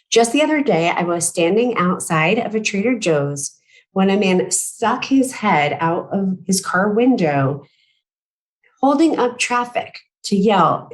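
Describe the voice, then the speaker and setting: A woman nearing forty reading a prepared conference talk in a measured, careful way, now and then clearing her throat and correcting herself. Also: on the low side, low-quality recording. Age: late 30s. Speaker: patient speaker at a medical conference.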